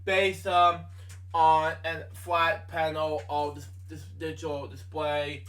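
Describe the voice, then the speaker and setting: A young man reads computer history aloud at a slow, stop-start crawl, tripping over words and apologizing each time he misspeaks. His voice sits a little high, and he is set back from the microphone, so the sound comes across distant. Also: level tone, a bit bright. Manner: stumbling reader, many ums, frequent apologies for misspeaking. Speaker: amateur video maker reading facts aloud. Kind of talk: halting read-aloud narration. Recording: voice from a distance from the mic.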